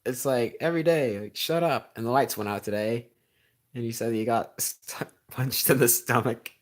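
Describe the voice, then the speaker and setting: A teenage boy chatting casually on a livestream, rambling with lots of ums and a sarcastic edge, getting louder when he rants. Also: mid-range voice, normal speed. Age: teens. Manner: gets loud and heated when ranting. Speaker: streamer.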